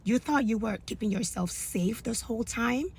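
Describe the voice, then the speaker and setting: Give me God as a gently chastising fatherly voice, husky and higher-pitched, played by a woman. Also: normal speed. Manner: gently scolding, tender.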